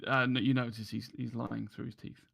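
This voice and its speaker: A man's voice: mid-range voice, little pitch movement, fairly quick, creaky, a bit bright. A man running a tabletop game as game master over an online call, hesitant and full of fillers.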